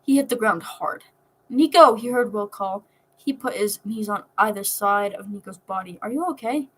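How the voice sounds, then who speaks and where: A woman reading fan fiction aloud in a soft, emotional manner. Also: medium pitch, steady tone, normal speed, breathy edge, low-quality recording. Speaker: story reader.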